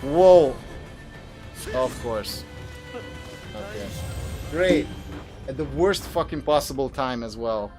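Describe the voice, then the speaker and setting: A man's voice: mid-range voice, lively intonation, slow pace, pauses often, over music. A young man streaming a video game, talking through his play, swearing and grumbling at the enemy and his computer. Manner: cursing, exasperated at the game. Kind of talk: live gameplay commentary.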